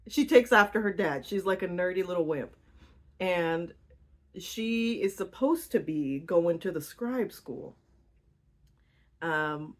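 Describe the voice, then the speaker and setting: A young woman giving a casual, slangy book recap, rambling with fillers and giggling now and then. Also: lowish voice. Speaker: book vlogger.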